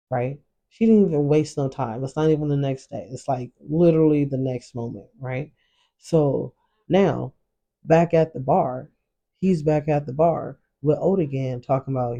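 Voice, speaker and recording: A man's voice: mid-range voice, fairly even intonation, normal speed, gravelly, dark tone, lo-fi sound, faint music behind. A man casually recapping drama episodes in loose, slangy storytelling, acting out the characters' lines as he goes. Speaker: show reaction host.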